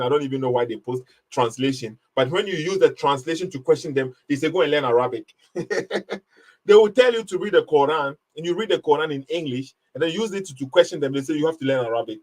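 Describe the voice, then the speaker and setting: A man hosting a live online debate, talking emphatically and mocking the caller's argument. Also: mid-range voice. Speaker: live stream host. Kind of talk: casual live debate commentary.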